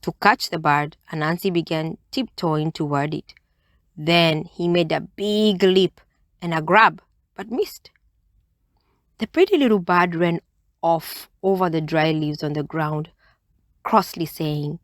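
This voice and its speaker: A woman reading a children's bedtime story aloud, in a gentle and expressive way. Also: on the low side, takes it slowly, dry recording, studio quality.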